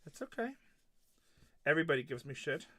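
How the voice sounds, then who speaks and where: A middle-aged man hosts a live card break, joking around and ribbing his viewers one by one. His voice sits a little high and comes across bright and punchy. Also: big pitch swings, brisk, a little hiss or hum. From Texas. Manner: joking, trash-talking, teasing viewers by name. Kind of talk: live stream casual chat while opening cards.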